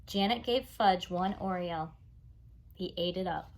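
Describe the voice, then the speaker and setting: A woman reading a children's chapter book aloud, expressive and engaged. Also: on the low side, unhurried, slight background noise. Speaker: reader. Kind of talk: storybook read-aloud.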